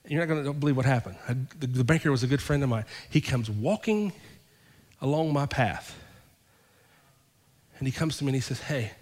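A fairly high-voiced male pastor preaches in a church, his words ringing with the long reverb of a big sanctuary. He tells a personal story by acting out each side of the conversations himself. As the sermon goes on, he builds to fervent, raised preaching. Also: animated, fast talker.

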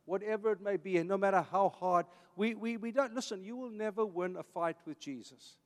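A man in his fifties, a South African pastor with an Afrikaans accent, speaks fairly quickly in a high voice to his church. He's emphatic and preacherly, repeating phrases, and the recording places him in a large hall.

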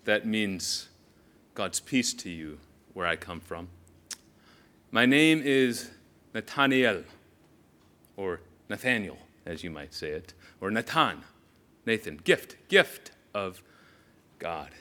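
A man as an earnest, awestruck young disciple recounting what he saw, in a first-person sermon monologue. His voice sits at an ordinary pitch but swings widely and expressively as he tells it. He talks straight to the listeners, as if they were beside him on the road. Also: slow, long pauses, exaggerated voice. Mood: animated. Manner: animated storytelling, speaks straight to the listeners. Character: earnest young male follower of Jesus, awestruck. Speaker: preacher in character.

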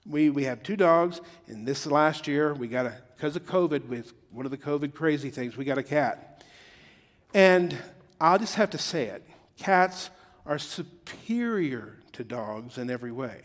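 A man's voice: a little high, animated, a little slow, in a large hall. A middle-aged man preaching a sermon in a joking, conversational way that builds to emphatic peaks. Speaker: pastor.

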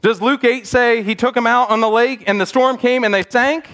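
Pastor, male, higher register, earnest sermon delivery, animated storyteller. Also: moderate pace. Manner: earnest, acts out quotes animatedly. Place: church sanctuary.

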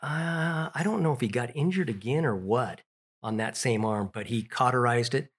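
A man's voice: medium pitch, normal speed, breathy edge. A middle-aged man telling childhood stories in an interview, rambling with restarts and fillers. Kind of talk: casual storytelling.

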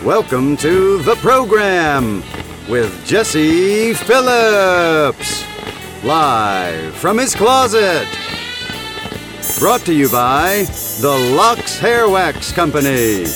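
A man announcing in an old-time radio style with a showy, drawn-out delivery. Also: fairly high pitch, wildly swooping pitch. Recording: voice over music.

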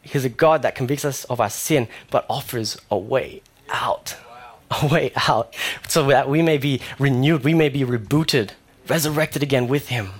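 Young man, relaxed conversational sermon, fillers and restarts. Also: mid-range voice, moderate pace, husky. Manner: conversational, animated storytelling with slips and fillers. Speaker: preacher.

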